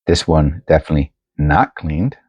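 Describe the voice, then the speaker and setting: A man's voice: rumbling low, moderate pace, breathy edge, dry recording, highs cut off. A man chatting casually as he sorts coins at home on a new microphone, rambling and thinking aloud with many restarts. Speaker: coin collecting vlogger. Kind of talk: casual chat while sorting coins. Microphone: new desk microphone.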